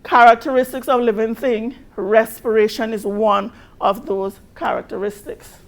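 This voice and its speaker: A woman with a Caribbean accent teaches a biology exam review. Her voice sits high and carries a gravelly edge. She rereads each question slowly and presses on the key words. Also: steady tone. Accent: Caribbean English. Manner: patient, repeats questions slowly with emphasis.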